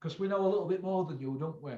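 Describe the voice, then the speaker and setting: A man's voice: sits high, rapid-fire. A man hosting a boxing chat show, blunt and lecturing, swearing freely. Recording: echoey, dull lo-fi room sound.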